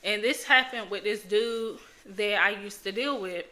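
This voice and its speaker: A young woman hosts a solo podcast in a loose, chatty way. Her voice is very bright and forward, and she speaks bluntly, swearing without hesitation. Her pitch sits in an ordinary middle range. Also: a little slow. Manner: blunt, frank and profane, with filler words. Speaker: podcast host. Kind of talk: casual solo podcast talk.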